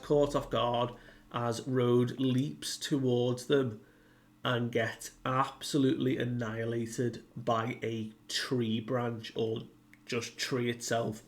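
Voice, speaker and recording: Male reviewer, slow easygoing recap, loose and rambling, many "like"s. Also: medium pitch. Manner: rambling, heavy use of "like", paraphrases characters. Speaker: manga reviewer. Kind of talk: casual chapter recap.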